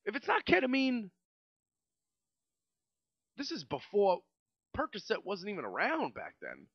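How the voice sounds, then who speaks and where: Lively profane New York podcast host. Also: male voice, high-pitched, a little slow, creaky, dry recording, muffled recording. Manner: animated, profane, rambling. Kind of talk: casual storytelling monologue.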